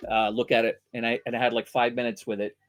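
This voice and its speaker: Casting: lively storyteller, a man with a mid-range voice, quick to jump into loud character voices. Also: medium pitch, slight background noise. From Vancouver, Canada. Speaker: voice actor guest. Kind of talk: casual anecdotes.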